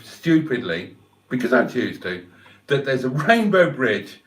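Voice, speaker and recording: A man's voice: mid-range voice, very animated, unhurried. An older man, hosting a casual livestream and rambling emotionally, swearing freely. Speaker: livestream host. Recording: echoey room.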